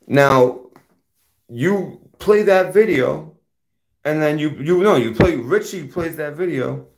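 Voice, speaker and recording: A man's voice: fairly high pitch, lively intonation, slow pace, a little mellow. A man hosting his own channel, delivering a confrontational, profane rant straight at a rival. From United States. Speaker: channel host. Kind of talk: heated rant to camera.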